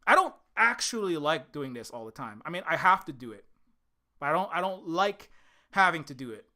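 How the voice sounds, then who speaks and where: With big pitch swings, a slightly high voice, and a fairly quick pace, a man from Hawaii who develops indie games rants angrily and profanely into the camera. He says the same things over and over, shifting from shouting to weariness.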